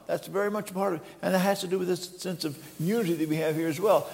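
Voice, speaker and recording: Older preacher, high gravelly voice, hall echo. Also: male voice, steady tone, darkish tone. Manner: halting, repeats words, quotes scripture dramatically. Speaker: pastor. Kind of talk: sermon. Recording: long reverb of a hall.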